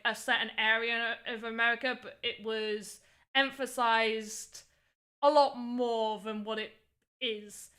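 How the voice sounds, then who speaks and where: A woman's voice: on the high side, sharp tone. A young woman chatting casually and rambling on a livestream while she works on voxel art. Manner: chatty, rambling, frequent "like" fillers. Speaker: streamer.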